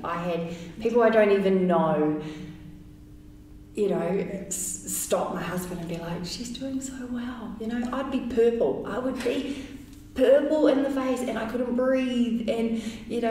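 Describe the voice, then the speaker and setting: A woman shares her story in a lively, rambling way, full of "you know" and bursts of laughter. She sounds a little far from the mic, and the room around her is very echoey, with a faint hiss underneath. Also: medium pitch. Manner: chatty, animated, many fillers and laughs. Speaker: interview guest. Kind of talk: casual storytelling interview.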